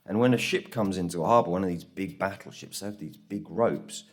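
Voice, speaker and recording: A man's voice: low voice, brisk. A man from England telling the story of making his documentary in a conference talk, acting out the people he quotes. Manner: animated storytelling, acts out quoted voices. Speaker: conference speaker. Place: conference room.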